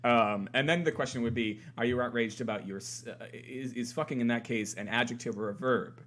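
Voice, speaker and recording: A man's voice: mid-range voice, a little fast, fairly bright tone. A man with a mid-range voice steers a casual podcast chat. He teases his co-host wryly and laughs easily. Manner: wry, laughs often, teasing.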